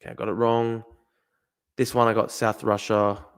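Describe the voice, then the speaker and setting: A young Australian man streaming live, thinking out loud as he plays a guessing game, swearing often and talking to his chat. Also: fairly low pitch, level tone, normal speed, clear, resonant tone. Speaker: livestreamer. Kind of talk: casual live-stream commentary.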